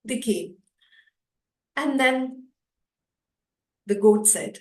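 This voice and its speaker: A woman telling a children's animal story to an audience, with a fairly high voice. Her telling is expressive and repetitive, with a few fillers. The sound is echoey, as in a hall. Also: slow. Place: storytelling festival session.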